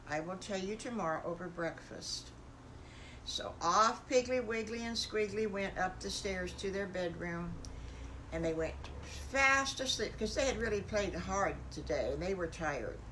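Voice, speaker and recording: An older woman, a grandmother telling a bedtime story in a gentle, homey, folksy way. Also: medium pitch, normal speed, a little hiss or hum.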